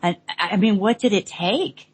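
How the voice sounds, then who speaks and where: Halting, earnest woman. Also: medium pitch, husky, poor audio. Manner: halting, earnest, frequent restarts. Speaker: roundtable guest. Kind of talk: casual online roundtable chat.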